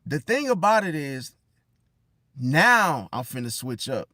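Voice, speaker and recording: A man giving casual relationship advice straight to the listener, slangy, calling them bro and swinging between loud and hushed. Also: on the high side, big pitch swings, slow, no room sound, clean studio sound. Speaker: zodiac relationship commentator. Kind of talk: casual direct-to-camera advice rant.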